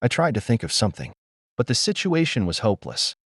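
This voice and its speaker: A male narrator tells a first-person wartime story in a grave, measured way. His voice rises and falls with lively intonation. The recording is dry and close, with no room sound. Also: fairly low pitch, dry recording. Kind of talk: scripted first-person war memoir narration.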